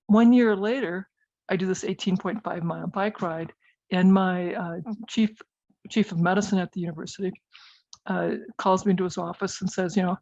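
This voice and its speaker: A woman's voice: fairly low pitch, steady tone, normal speed, gravelly, darkish tone, no room sound, lo-fi sound. A middle-aged woman, a physician and guest in a conversational interview, talking hesitantly with many fillers and restarts.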